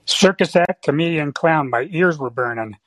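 A man's voice: on the high side, moderate pace, fairly bright tone, dry recording. A man calling in to a podcast, chatting casually, chuckling and hesitating with fillers. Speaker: caller. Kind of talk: casual phone-in chat.

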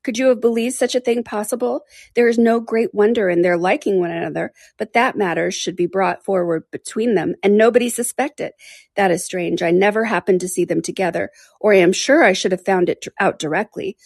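A woman's voice: mid-range voice, brisk, creaky, a little mellow, slightly rough, no room sound, clean studio sound. A woman reading aloud, voicing a garrulous, gossiping older woman in an audiobook. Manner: breathless chatty gossip, exclaiming often. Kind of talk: audiobook character voice.

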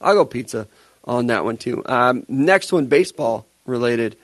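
A man's voice: mid-range voice, lively intonation, normal speed, no echo. A young man co-hosting a podcast, chatting casually and teasing his co-host with plenty of laughter. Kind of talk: casual chat.

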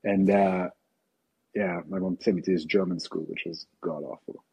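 Husky low-voiced man in his forties. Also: fairly even intonation, darkish tone. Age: 40s. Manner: rambling, self-deprecating, halting restarts. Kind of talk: casual chat.

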